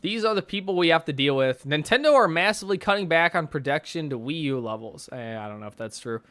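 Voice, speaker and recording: Male streamer, casual sarcastic reaction commentary, swears freely, bouncy delivery, slightly high pitch. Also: expressive, fast talker, a bit bright, dry recording. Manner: profane, ranting, mocking; reads chat and posts aloud with sarcastic asides.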